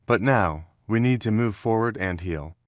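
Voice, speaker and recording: A man voicing a composed matriarch who runs the family company, in an even, measured delivery. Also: on the low side, no echo, studio quality, lightly acted.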